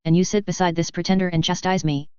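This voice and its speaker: A hard, unbending lord, as a woman reads him, clipped and cold in every word. Her low, very clear voice sits on a dry, slightly dull recording. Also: fairly even intonation, fast talker, darkish tone, no echo, natural voice. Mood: stern. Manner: curt, growling, cold. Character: stern rigid older lord claiming a throne. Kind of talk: fan fiction reading.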